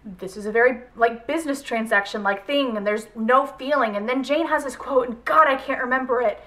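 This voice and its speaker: A woman's voice: a little high, brisk, a bit bright. A woman reviewing a film adaptation in a casual vlog, chatty and rambling with lots of fillers. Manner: gushing, emotional. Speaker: book vlogger.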